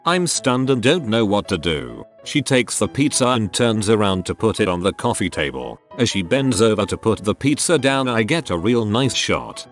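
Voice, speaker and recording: Lively low-voiced male narrator. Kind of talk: reading forum posts aloud.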